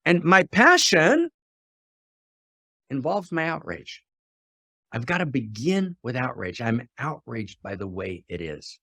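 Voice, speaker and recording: A middle-aged man giving an impassioned spiritual talk. He drops to a hush, then rises to fiery outbursts full of rhetorical questions and repetition. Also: medium pitch, animated, a little slow, dry recording. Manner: swings from hushed to fiery and exclamatory. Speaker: spiritual teacher.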